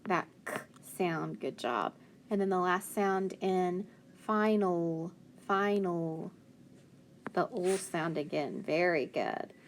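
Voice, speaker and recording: A woman teaching a phonics lesson to children, sounding out letters and words slowly and clearly. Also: on the low side, slight background noise.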